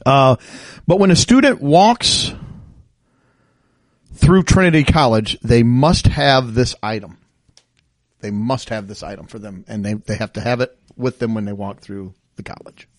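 A man's voice: medium pitch, unhurried, dry recording. A man hosting a casual podcast chat, reading out strange laws and laughing often as he explains them. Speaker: podcast host.

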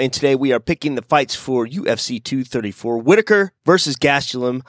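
A man's voice: medium pitch, lively intonation, brisk, few pauses, no room sound, clean studio sound. Man hosting a casual fight-picks podcast. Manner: rambling and self-deprecating, many "you know"s. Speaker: podcast host.

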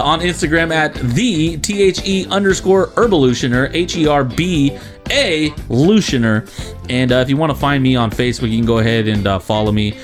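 A young man co-hosting a podcast, joking and laughing easily as he plugs his social accounts. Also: medium pitch. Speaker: podcast co-host. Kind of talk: casual chat.

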